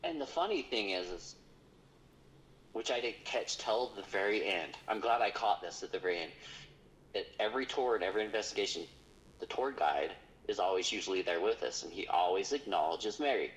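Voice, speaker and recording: A man's voice: fairly low pitch, animated, brisk, poor audio. A man, a paranormal investigator, telling a story in casual conversation, rambling with lots of fillers.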